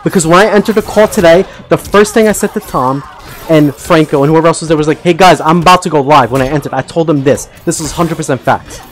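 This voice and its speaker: A man's voice: fairly high pitch, quick pace, faint music behind. A man hosting a live stream, arguing heatedly and insistently, repeating the other man's name. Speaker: streamer host.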